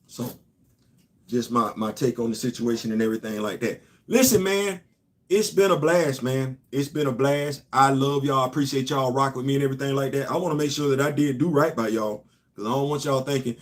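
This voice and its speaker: A middle-aged man from New York hosting a casual opinion show, talking emphatically and swinging between loud points and low asides. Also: lively intonation, a little fast. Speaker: host.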